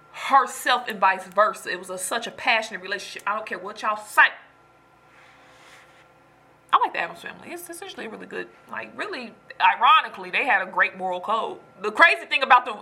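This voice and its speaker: Breathy, emphatic woman venting. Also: medium pitch. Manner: animated, emphatic, preachy. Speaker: storyteller venting to viewers. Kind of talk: casual chat.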